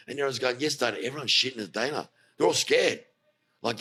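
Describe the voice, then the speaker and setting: A man telling a story as a podcast guest, animated, swearing freely and acting out what others said. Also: mid-range voice, fast, breathy edge. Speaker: guest, fight coach.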